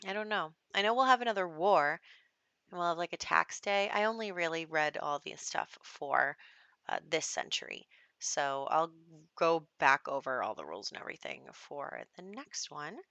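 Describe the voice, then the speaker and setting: A woman's voice: low voice, animated, moderate pace, sharp tone, no room sound, highs cut off. A young adult woman giving casual, rambling commentary over a life-sim game, with lots of fillers and little laughs. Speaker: gameplay commentator.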